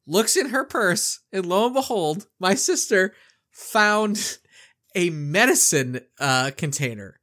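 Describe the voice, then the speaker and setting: Animated male podcast storyteller. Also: a little high, moderate pace. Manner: animated, acts out the quotes. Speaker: podcast co-host. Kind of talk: casual storytelling.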